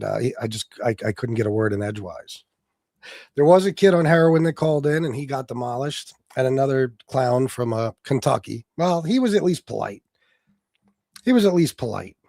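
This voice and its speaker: A man's voice: mid-range voice, a little mellow, no echo. Brash, profane man hosting a livestream. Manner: chats with viewers in the stream chat. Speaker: livestream host. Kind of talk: casual livestream rant.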